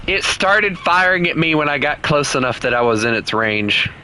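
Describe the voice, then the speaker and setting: A man's voice: fairly high pitch, bright, forceful tone, a little hiss or hum, poor audio. A man streaming a game and bantering playfully with viewers who play along with him. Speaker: gaming streamer. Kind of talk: casual gameplay chat with viewers.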